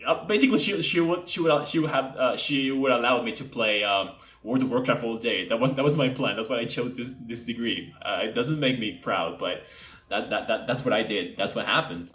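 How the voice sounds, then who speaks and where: A young man from Mexico, an English teacher, chatting casually to camera and speaking deliberately from the throat. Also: fairly low pitch, sharp tone. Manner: speaks from the throat to sound native-like. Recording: echoey room.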